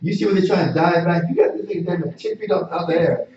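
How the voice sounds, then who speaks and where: A man's voice: high voice, fast, a little mellow. Man, teacher-preacher, fervent and repetitive; distant, roomy lo-fi sound. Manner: impassioned, repetitive, stammering restarts. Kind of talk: street-preaching class sermon. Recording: distant, echoey, dull lo-fi.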